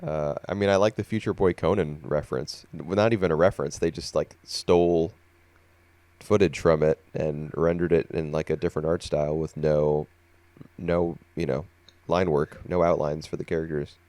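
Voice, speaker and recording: A sleepy man co-hosting a casual podcast chat, talking things through in an unhurried, thoughtful way with plenty of fillers. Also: extremely low pitch, fairly even intonation, warm tone, no echo. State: sleepy, yawning. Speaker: podcast co-host.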